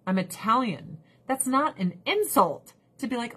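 Husky, animated woman ranting. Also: on the high side, unhurried, few pauses. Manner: animated, sarcastic, laughs often; talks to pets and viewers. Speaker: vlogger. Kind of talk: casual ranting commentary.

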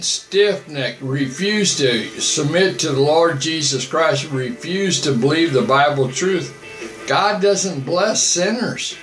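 Slow-talking older man in an echoey room. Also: a little high, fairly bright tone. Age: 70s. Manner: rambling and repetitive, earnest, insistent. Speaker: missionary. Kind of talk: live-stream preaching, answering viewer comments.

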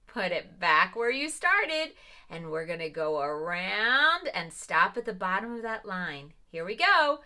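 A woman teaching a preschool lesson to young children, talking slowly in an encouraging, sing-song manner. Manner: slow, sing-song, encouraging, with lively pitch swings.

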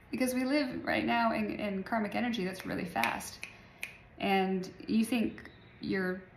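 This woman in her forties, a spiritual vlogger, has a creaky, medium-pitched voice and chats loosely with viewers about energy and healing, laughing along the way. Slight background noise and faint ambience fill the echoey room.

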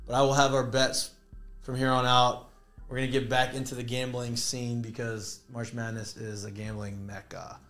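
A man's voice: mid-range voice, little pitch movement, moderate pace, a bit bright, soft background music. A man hosting a casual sports podcast chat, easygoing and jokey, reading sponsor plugs. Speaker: host.

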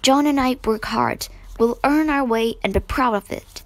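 A woman's voice: fairly high pitch, moderate pace, dry recording, natural voice. A woman voicing an earnest, firm young woman, the eldest sister, in a storybook.

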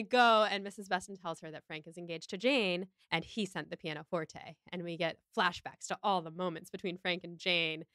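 A woman's voice: on the low side, steady tone, moderate pace, hardly any pauses, a bit bright, clear, resonant tone, no echo, clean studio sound. A woman hosting a podcast, recapping a film in casual chat with a wry, joking manner. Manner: chatty, wry, acts out quotes. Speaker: podcast host.

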